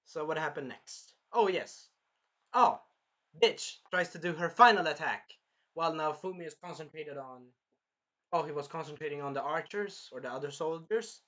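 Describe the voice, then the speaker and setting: A man excitedly recapping an anime episode on camera, swearing, apologizing and acting out the scenes. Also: fairly high pitch, moderate pace. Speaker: anime reviewer.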